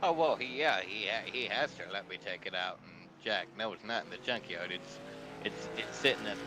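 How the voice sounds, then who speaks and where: A man as color commentator in a race broadcast, talking haltingly with many restarts. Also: lowish voice, noisy background.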